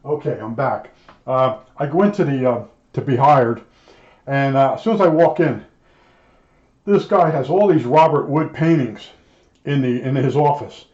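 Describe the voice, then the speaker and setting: Older male storyteller, mellow voice, loose and chatty, dull roomy home recording. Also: medium pitch, a little slow. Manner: rambling, conversational, with many fillers and restarts. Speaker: storyteller recalling his factory job. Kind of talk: casual spoken memoir.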